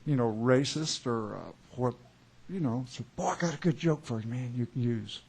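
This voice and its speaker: A man, chatting between songs at a small club show, rambling and halting with many pauses and wry chuckles. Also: medium pitch, vocal fry, a little mellow, slight background noise. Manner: wry, chuckling joke-teller. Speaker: singer-songwriter performing live. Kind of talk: onstage banter between songs. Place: small live music club.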